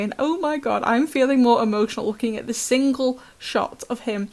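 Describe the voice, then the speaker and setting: A woman's voice: a little high, moderate pace. A British woman recapping a cartoon episode in chatty, sarcastic commentary, laughing often. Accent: British English. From Britain.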